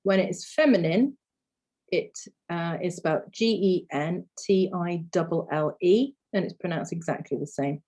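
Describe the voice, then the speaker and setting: A woman's voice: on the low side, normal speed, darkish tone. A woman teaching a phonics lesson, explaining patiently and modelling sounds for learners to repeat. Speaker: language teacher.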